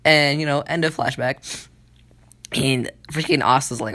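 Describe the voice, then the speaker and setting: A man's voice: mid-range voice, measured pace, sharp tone. A man hosting his own channel who casually retells an anime plot, rambling with many fillers and frequent swearing. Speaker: channel host.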